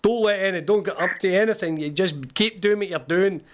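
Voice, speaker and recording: A Scottish man co-hosting a football radio show, bantering with a guest in a jokey, laughing way. His voice sits fairly high for a man. He talks casually, as a former player among friends. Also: a little fast. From Scotland. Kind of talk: casual sports radio chat.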